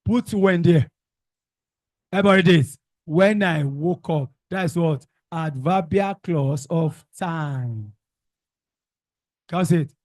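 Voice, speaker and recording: A man's voice: fairly high pitch, slow, long pauses, a little mellow, no room sound, clean studio sound. A man teaching a revision class, calling out questions and repeating the answers in call-and-response drills.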